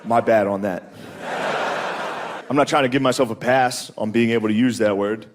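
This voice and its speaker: A man's voice: medium pitch, fairly even intonation, normal speed, noisy background. A man doing a crude, conversational stand-up set, chuckling as he talks. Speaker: stand-up comedian.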